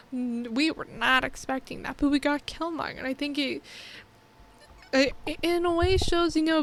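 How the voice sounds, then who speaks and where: Woman, high voice, casual movie review, excitable, emotional, rambling restarts.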